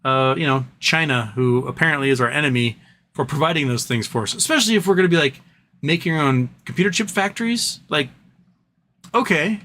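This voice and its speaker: A man hosting a livestream, telling stories in a casual, animated way and putting on mock voices for the people he quotes. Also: fairly high pitch, fairly quick, slight background noise. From United States. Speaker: livestream host.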